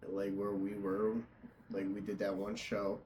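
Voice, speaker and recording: A man's voice: fairly low pitch, monotone, a little slow, darkish tone, slight background noise. A young man hosting a casual interview, easygoing and chatty, laughing often. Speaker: podcast host and tattoo artist.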